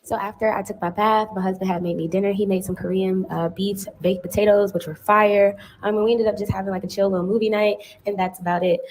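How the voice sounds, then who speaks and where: A woman vlogging casually about her purchases at home, saying y'all and sounding relaxed. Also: mid-range voice, fast talker, few pauses, slight background noise, low-quality recording. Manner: relaxed, says y'all, excited. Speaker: vlogger, teacher.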